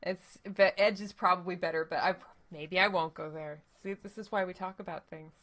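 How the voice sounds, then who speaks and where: Bright-voiced woman streaming a game. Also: fairly low pitch, steady tone, a little fast. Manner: chatty, rambling, talks to chat. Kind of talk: casual live gameplay commentary.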